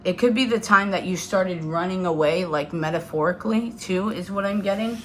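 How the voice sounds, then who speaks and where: Woman, 30s, lowish pitch, chatty tarot reader talking to viewers over faint background noise. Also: normal speed. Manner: chatty, loose, many fillers. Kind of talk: casual tarot reading to viewers.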